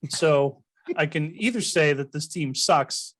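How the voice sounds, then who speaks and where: A man's voice: a little high, measured pace, fairly bright tone. A man co-hosting a casual sports podcast, giving his picks with teasing jokes. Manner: joking, teasing asides. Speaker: podcast co-host.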